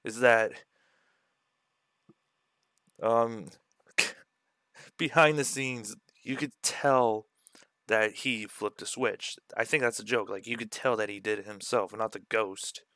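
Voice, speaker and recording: A man's voice: lowish voice, steady tone, takes it slowly, pauses often, bright, forceful tone, dry recording, clean studio sound. A man streaming, chatting casually and joking with swearing as he reacts to his own old videos.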